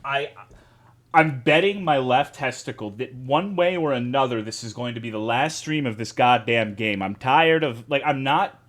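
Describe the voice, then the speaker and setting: A man's voice: mid-range voice, lively intonation, moderate pace, a bit bright. A man streaming live, chatting casually with his chat, greeting viewers and swearing a lot while joking around.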